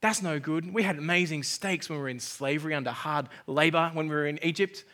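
A man's voice: a little high, a little fast, a bit bright, voice pushed down, lightly acted. A male preacher voicing grumbling ancient wanderers who whine about their food. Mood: complaining. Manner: whiny, ungrateful complaining.

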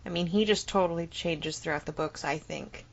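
A woman's voice: low voice, normal speed, creaky, a crowd in the background. A woman co-hosting a casual fan podcast. She talks in a chatty, emphatic way, swears freely and drops in plenty of "you know". The sound is a bit dull and lo-fi. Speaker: podcast co-host.

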